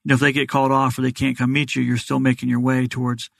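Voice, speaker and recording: Doctor guy rattling off explanations fast, kinda gravelly, dry close sound. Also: mid-range voice, monotone, a bit bright, dry recording. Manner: fast, plain-spoken explainer. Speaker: doctor guest. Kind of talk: explanatory interview answers.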